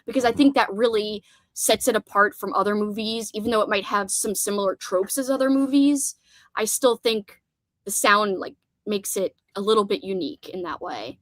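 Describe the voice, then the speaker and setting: A woman's voice: medium pitch, moderate pace, a bit bright, no echo. A woman hosting a casual livestream hangout, chatty and rambling as she reads comments aloud. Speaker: livestream host. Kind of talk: casual chat.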